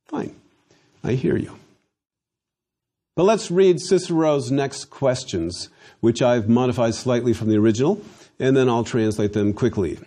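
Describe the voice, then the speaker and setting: A man teaching a Latin lesson, slowly drilling phrases for students to repeat, with dry humor. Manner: dry humor, slow emphatic drills with lively pitch. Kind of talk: recorded language lesson.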